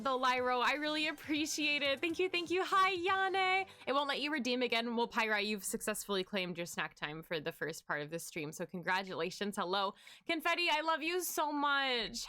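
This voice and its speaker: A woman's voice: high voice, animated, fairly quick, bright, forceful tone, soft background music. A woman streamer chatting casually with her viewers, bubbly and giggly as she reads out chat. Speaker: livestreaming artist.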